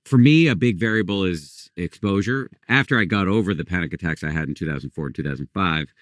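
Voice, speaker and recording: This middle-aged man hosts a podcast and asks his questions with a wry, self-deprecating humor. His voice is very deep and recorded dry at close range. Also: quick pace, no room sound. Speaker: podcast host. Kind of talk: conversational interview.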